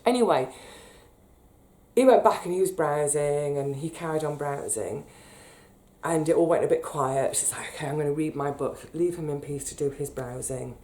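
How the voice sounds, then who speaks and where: British woman, casual vlog storyteller, mellow and lowish, animated. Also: normal speed. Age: 30s. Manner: chatty, animated, emotional when retelling.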